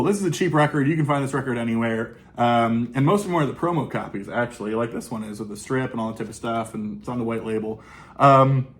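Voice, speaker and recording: A man casually talking through his recent record purchases, enthusiastic and rambling, with lots of fillers and restarts. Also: mid-range voice. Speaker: vinyl collecting YouTuber. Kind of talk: casual record haul review.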